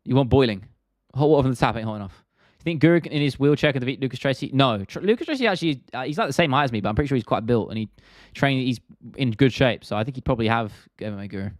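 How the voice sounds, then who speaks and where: A man's voice: mid-range voice, lively intonation, racing, no room sound, studio quality. A young British man hosting a live stream, chatting casually and answering viewer questions in a laid-back, rambling, slangy way.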